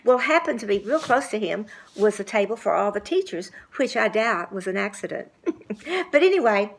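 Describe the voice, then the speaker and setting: An older woman giving a devotional church talk, homey and anecdotal, gently urging her listeners. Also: mid-range voice, animated, moderate pace, a little hiss or hum. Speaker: church speaker.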